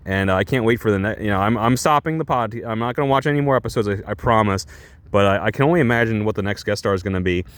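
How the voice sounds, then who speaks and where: A man's voice: lowish voice, quick pace. A man ranting sarcastically in a reaction commentary, exasperated and full of restarts. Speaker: commentary YouTuber.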